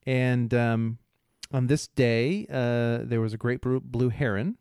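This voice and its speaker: A man co-hosting a podcast, telling a rambling story in casual chat, halting often, laughing, and imitating bystanders' voices. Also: medium pitch, steady tone, darkish tone, clear, resonant tone, dry recording, clean studio sound. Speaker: podcast co-host.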